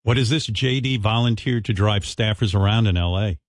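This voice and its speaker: A man's voice: lowish voice, a little fast, no room sound. A man hosting a radio show, ranting and mocking in a profane, casual way from a studio. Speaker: radio host.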